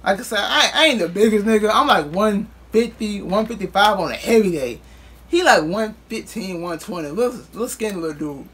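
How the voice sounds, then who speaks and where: A man's voice: high-pitched, lively intonation, a little fast, a bit bright, husky. A man vlogger telling a casual storytime in loose, profane street talk, acting out what others said.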